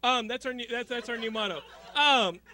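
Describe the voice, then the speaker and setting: A man hosting a party interview, teasing guests with quick jokes. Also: very high voice, sharp tone. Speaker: host.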